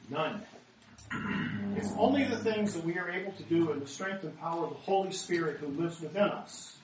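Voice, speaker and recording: A fairly high-voiced male pastor from the United States preaches a sermon with dramatic scripture reading and rhetorical questions. The recording carries a little hiss or hum, and he sounds distant from the mic in a very echoey hall.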